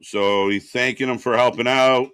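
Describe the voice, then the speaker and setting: Excitable man reacting to a live wrestling show. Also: medium pitch, normal speed, smooth, no echo. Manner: excited, rambling, with fillers and sudden loud bursts. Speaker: wrestling watch-party co-host.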